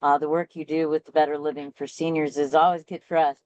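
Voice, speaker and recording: A woman hosting a casual talk show with a relaxed, conversational manner. Her voice sits a little low, and the recording is close and dry with no room sound. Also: quick pace, dry recording, dull audio. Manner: conversational, laughs along easily. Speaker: host. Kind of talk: casual chat.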